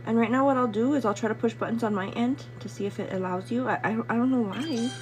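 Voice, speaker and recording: A woman in her thirties hosts a get-ready-with-me live stream from home. She chats to her viewers, calls them "girl" and thanks them by name. Her voice sits a little high and swings widely in pitch. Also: background noise. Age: 30s. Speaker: livestream host.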